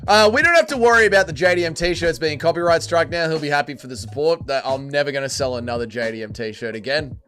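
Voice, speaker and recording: A man's voice: fairly high pitch, fast talker, few pauses, fairly bright tone, faint music behind. A man hosting a livestream, reading chat aloud and joking crudely. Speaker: livestream host.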